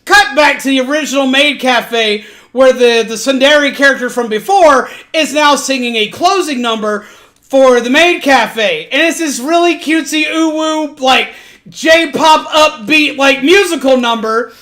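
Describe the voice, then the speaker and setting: High voiced lady streamer cussing her way through a story recap, super animated. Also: a little slow. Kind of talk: casual retelling of an anime plot.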